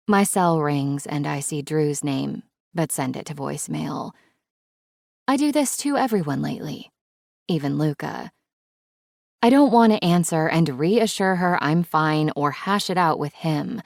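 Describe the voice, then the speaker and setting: A woman's voice: fairly low pitch, gravelly, a little mellow, no room sound, studio quality. A woman narrating a romance audiobook in first person, wry and conversational.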